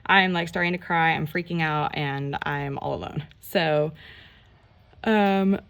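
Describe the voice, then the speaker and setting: A woman telling a rambling, animated story in a casual storytime vlog while she does her nails, full of "like" and mild swearing. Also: deep voice, a little slow. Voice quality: gravelly, creaky voice. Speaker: nail vlogger.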